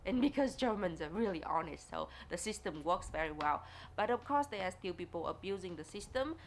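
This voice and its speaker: A woman from Vietnam, talking in a casual, expressive way for a vlog, with grammar and frequent laughs. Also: lowish voice, fairly quick, slight background noise. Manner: chatty and expressive, laughs often, non-native English grammar. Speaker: vlogger.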